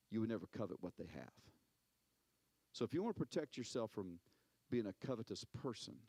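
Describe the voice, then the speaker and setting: With a voice on the low side and no room sound, a pastor preaches, acting out quotes, repeating words, and telling his stories in a lively way.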